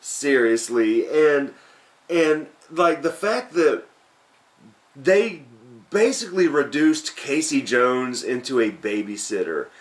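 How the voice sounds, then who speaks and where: A man's voice: mid-range voice, very animated, slow. A man co-hosting a casual movie-review chat, laid-back and agreeable, swearing casually. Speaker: co-host.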